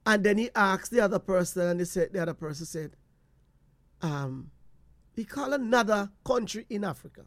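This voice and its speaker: Jamaican man, storytelling monologue, animated, patois slips, dry close sound. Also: sits high, moderate pace, no room sound. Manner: animated, slipping into patois, repeats phrases.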